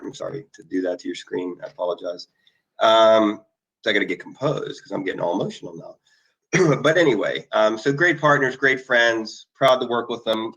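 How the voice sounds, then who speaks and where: A man's voice: on the low side, creaky, fairly bright tone, poor audio. A middle-aged man hosting an online marketing video, talking casually and rambling through emotional asides and eager plugs. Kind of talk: casual screen-share talk to viewers. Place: indoor conference room.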